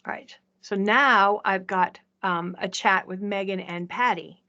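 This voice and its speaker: A woman presenting a software demo in a chatty way, often checking in with the audience. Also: medium pitch, measured pace, lo-fi sound. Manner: chatty, asks "right?" often. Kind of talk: live software demo talk.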